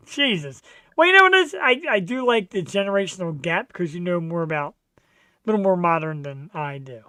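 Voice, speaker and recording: Animated swearing middle-aged man. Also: sits high, fairly quick, clear, resonant tone, dry recording. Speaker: show host. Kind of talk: casual birthday chat.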